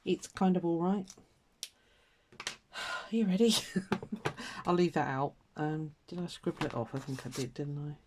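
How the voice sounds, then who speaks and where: A woman's voice: sits low, measured pace, long pauses, background noise. Chatty woman colouring. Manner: chatty and self-mocking, with little laughs and mutters to herself. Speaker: colouring vlogger. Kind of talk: casual chat while colouring.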